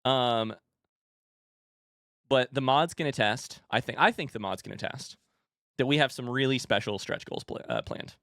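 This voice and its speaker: A young man streaming live, hyping up a charity event with excitable announcer energy and then chatting casually with viewers while out of breath. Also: mid-range voice, no echo, studio quality. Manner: excitable, hyped announcer delivery that shifts to quick casual asides.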